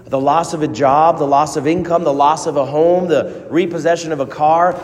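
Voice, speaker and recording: A man preaching a sermon as a priest, earnest, with dramatic pauses and rising emphasis. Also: a little high, fairly even intonation, darkish tone. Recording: long reverb of a large hall.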